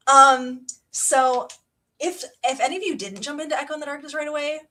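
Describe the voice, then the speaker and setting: A young woman hosting a casual book club livestream, chatty and excitable with lots of fillers. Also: high voice, fairly quick. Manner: chatty and excitable, many fillers, reads passages aloud.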